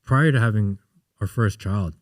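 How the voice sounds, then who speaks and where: A man in his thirties talks through stories as a podcast guest, with a somewhat low voice. He gets animated and acts out the lines of the people in his stories. The sound is dry and close, with no room in it. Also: normal speed, no echo. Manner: animated storyteller, acts out quotes. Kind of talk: casual interview chat.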